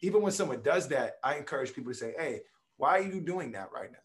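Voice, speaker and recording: Man, podcast guest, casual and profane, slightly higher voice. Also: fast talker. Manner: blunt, profane, animated storytelling with acted quotes. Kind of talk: casual conversation.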